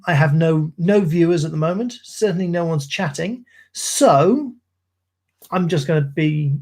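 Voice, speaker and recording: On a live stream, a middle-aged man recites poetry with dramatic delivery, putting on a London soldier's voice and adding chatty, self-deprecating asides. His voice is fairly high and a little mellow.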